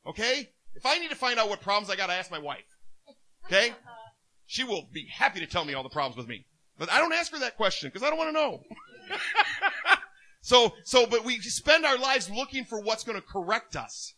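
A man preaching a sermon as a minister, telling stories in an animated way and laughing often. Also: high-pitched, a little fast.

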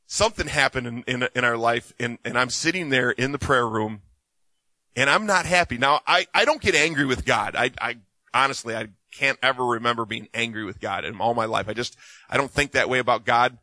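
A man's voice: medium pitch, fairly quick, no room sound, low-quality recording. A man in his fifties preaching, telling personal stories with lots of repetition and restarts before answering questions. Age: 50s. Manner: animated storytelling with many restarts. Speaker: minister. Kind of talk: sermon with Q&A.

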